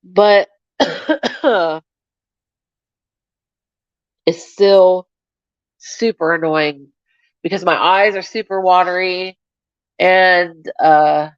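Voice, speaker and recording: Slow-talking woman with a scratchy throat. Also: lowish voice, smooth, no room sound, muffled recording. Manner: chatty, swears freely, blows kisses. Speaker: livestream host. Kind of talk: casual chat to viewers.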